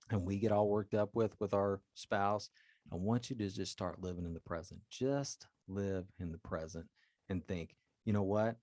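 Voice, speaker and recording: A man's voice: lowish voice, a little mellow, dry recording, clean studio sound. A man hosting a solo advice podcast as a life coach, talking earnestly and directly to his listeners.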